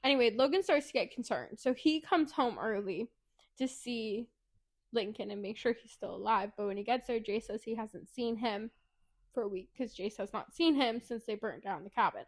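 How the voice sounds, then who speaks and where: A woman co-hosting a podcast, retelling a book plot fast and animatedly, with swearing. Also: fairly high pitch. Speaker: podcast co-host. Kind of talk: casual book recap.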